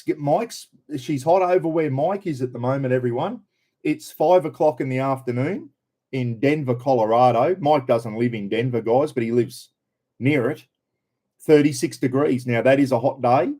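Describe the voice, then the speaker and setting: A man's voice: mid-range voice, normal speed, warm tone. Chatty older Australian man. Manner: chatty, greets viewers by name. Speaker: host of a live stream. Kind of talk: casual live-stream chat.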